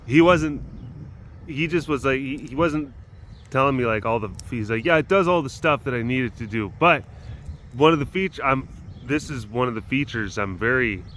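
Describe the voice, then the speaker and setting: A man's voice: mid-range voice, moderate pace, a bit bright, slight background noise. Chatty man vlogging among big cats. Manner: chatty, laughing, coos affectionately at the animals. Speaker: animal caretaker and vlog host. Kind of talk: casual storytelling vlog. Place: outdoors at a big cat facility.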